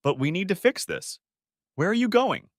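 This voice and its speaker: A man's voice: high-pitched, sing-song, normal speed, no room sound, studio quality, pitched above the performer's own voice. A man putting on a sobbing, pleading wife. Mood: desperate. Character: tearful guilt-ridden wife, middle-aged woman.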